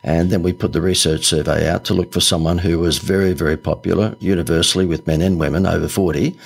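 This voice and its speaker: Guesting on a podcast, a middle-aged Australian man who founded an ad agency swaps stories fast in a low, creaky voice with fairly even intonation. He's talkative, laughs a lot and fills his speech with fillers. There's slight background noise.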